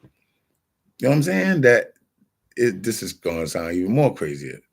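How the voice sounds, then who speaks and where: Low gravelly middle-aged man rambling. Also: wildly swooping pitch, a little slow. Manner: loose, profane, meandering, acts out quoted people. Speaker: vlogger. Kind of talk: casual rambling storytelling.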